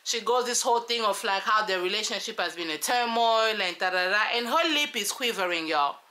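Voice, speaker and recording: A woman giving sassy, animated commentary on a reality show, talking straight to her viewers. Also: medium pitch, brisk. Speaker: show reviewer.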